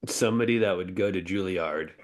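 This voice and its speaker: Low-ish guy host, joking around, playful podcast chat. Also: brisk. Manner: joking, playful, laughs a lot.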